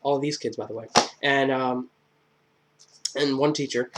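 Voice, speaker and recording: A man's voice: mid-range voice, fairly even intonation, a little slow, a little hiss or hum. A man giving a casual spoken movie review, rambling with lots of fillers and a crude, irreverent sense of humor. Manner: rambling, filler-heavy, joking retelling.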